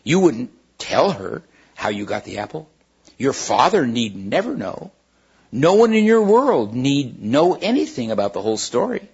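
A man's voice: medium pitch, big pitch swings, normal speed, a little mellow, husky, muffled recording, heavily acted. A man voicing a sinister female witch who tempts a boy with sweet, coaxing talk. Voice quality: wheedling and coaxing.

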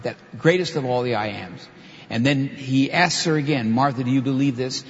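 A man's voice: mid-range voice, normal speed. A man preaching a sermon, reading a scripture passage aloud and then explaining it with emphatic asides. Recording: muffled sound with long hall reverb.

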